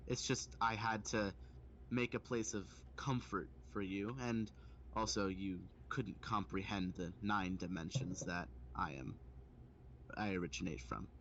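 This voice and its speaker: A soothing, otherworldly angel, as a man voices him comforts the listener in a lowish voice. The sound is dull and lo-fi, as over an online voice call. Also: fairly even intonation, measured pace, fairly bright tone, slight background noise. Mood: reassuring. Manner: soothing, reassuring. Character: calm otherworldly male angel, reassuring. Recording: dull lo-fi mic.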